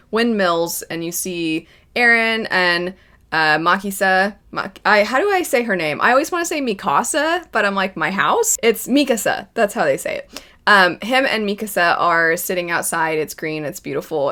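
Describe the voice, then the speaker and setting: A young adult woman giving casual, enthusiastic first-impressions commentary on an anime, chatty and quick to laugh. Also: fairly low pitch, pushed and bright. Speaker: anime reaction vlogger.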